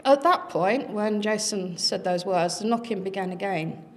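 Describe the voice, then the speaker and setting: A middle-aged woman speaking at a conference, earnestly recounting a family experience with dramatic pauses. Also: medium pitch, animated. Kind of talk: personal storytelling talk.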